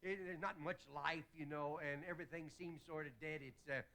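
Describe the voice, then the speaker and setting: A man delivering a stand-up comedy monologue as host, telling rapid jokes and slipping into quick character voices. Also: a little high, fairly even intonation, sharp tone. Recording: hissy old 1960s television broadcast.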